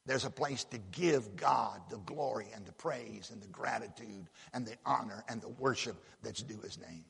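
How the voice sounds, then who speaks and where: A man's voice: on the low side, moderate pace, gravelly, a crowd in the background. A man preaching a sermon in a folksy, emphatic way, often repeating words as he builds a point. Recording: long hall reverb.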